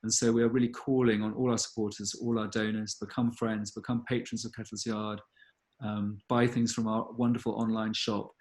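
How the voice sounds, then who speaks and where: A man, a gallery director answering audience questions in an earnest, thoughtful way with many pauses and ums. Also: on the low side, level tone, darkish tone. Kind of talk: live online Q&A talk.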